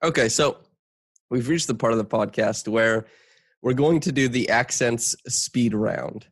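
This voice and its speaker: A man's voice: mid-range voice, a little slow, breathy edge, no echo, clean studio sound. A man hosting a podcast, asking questions in an upbeat, teasing way. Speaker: podcast host. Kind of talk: casual podcast interview.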